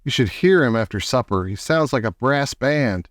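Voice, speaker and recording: A man reading aloud and voicing an angry, blustering father who shouts. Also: medium pitch, animated, moderate pace, dry recording, studio quality, close to an everyday voice.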